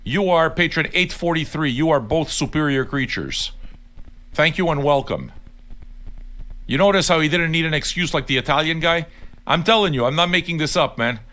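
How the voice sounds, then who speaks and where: A man's voice: a little high, expressive, moderate pace, sharp tone. An older man hosting a livestream, ranting bluntly and swearing often as he talks straight to his viewers. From Neapolitan heritage. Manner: blunt, sweary and argumentative, addressing viewers directly. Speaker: livestream host. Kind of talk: profane casual rant on a livestream.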